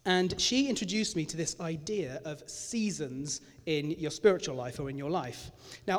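A man giving a candid, self-deprecating sermon in a conversational manner, recorded in a church hall. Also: a little high. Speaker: preacher. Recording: echoey hall reverb.

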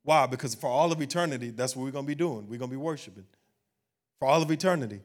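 A man's voice: mid-range voice, fast talker. A man pastor preaching a sermon, building to emphatic, rising peaks and asking the congregation questions.

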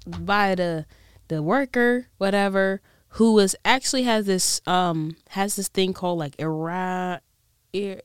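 A young woman vlogger chatting casually about TV shows in a put-on British accent, slangy and animated, with whispered asides. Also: medium pitch, clear, resonant tone, dry recording, studio quality. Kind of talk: casual chat recapping TV shows.

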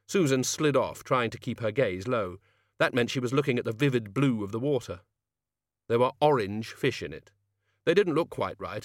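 A man reading a fantasy novel aloud as narrator, in measured, even storytelling. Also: mid-range voice, no echo, studio quality. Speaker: audiobook narrator. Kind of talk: scripted narration.

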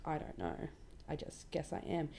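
A woman hosting her own casual solo podcast, rambling and self-deprecating, swearing freely in a somewhat monotone voice. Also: low voice, normal speed, creaky. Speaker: podcast host.

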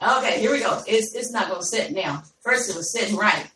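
A woman's voice: medium pitch, expressive, a little fast, bright, forceful tone, a little hiss or hum. A woman hosting a live podcast, chatting casually with listeners, calling them y'all and laughing easily. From Ohio, USA. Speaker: podcast host. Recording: echoey room, voice from a distance.

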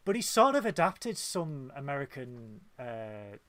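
A man's voice: mid-range voice, measured pace. Chatty Yorkshire man hosting. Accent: Yorkshire English. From Hull, England. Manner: chatty, laughs often, animated. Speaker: podcast host. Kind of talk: casual chat.

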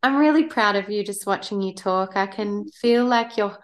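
A woman's voice: mid-range voice, moderate pace. A woman with a mid-range voice hosts a casual podcast chat. She speaks in a friendly, encouraging way to her guest. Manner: warm, affirming, friendly. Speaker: podcast host.

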